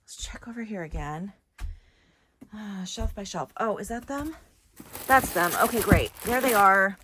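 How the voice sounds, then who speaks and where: A middle-aged reseller vlogger narrates a casual work-with-me video, chatting to viewers as she walks her storage area and digs through shelves and bins. Her medium-pitched voice is unhurried, bright, and forceful, with a little hiss or hum in the background.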